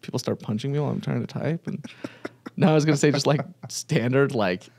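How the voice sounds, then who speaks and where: A man's voice: mid-range voice, fast talker, creaky, darkish tone. A young man co-hosting an office podcast, laid-back and self-mocking, often laughing. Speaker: podcast co-host. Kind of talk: casual office banter.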